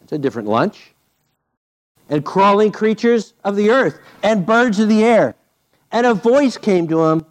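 A man preaching a sermon, telling the story playfully and swinging between loud bursts and hushed asides. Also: sits high, measured pace. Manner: animated, playful storytelling with sudden loud and quiet turns. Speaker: pastor.

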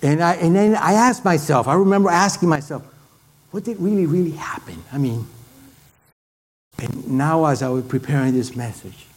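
A middle-aged man with a foreign accent preaching a sermon and telling a personal story in an animated way, with many halting restarts. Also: a little high.

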